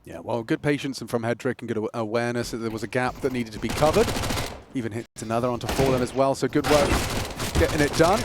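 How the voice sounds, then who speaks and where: Excitable male esports co-caster. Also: mid-range voice, fast, very noisy. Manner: excitable, joking co-commentary. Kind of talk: live esports commentary.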